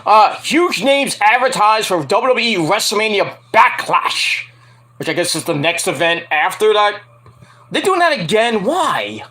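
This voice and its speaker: A man hosting a casual podcast, rambling and joking while he watches a game, with loud outbursts. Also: high voice, sing-song, a little slow. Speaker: podcast host.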